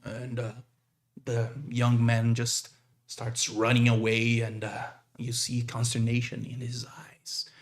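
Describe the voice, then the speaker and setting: Male game master, slow halting narration, husky gravelly voice. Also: mid-range voice, completely flat delivery. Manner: halting, many fillers.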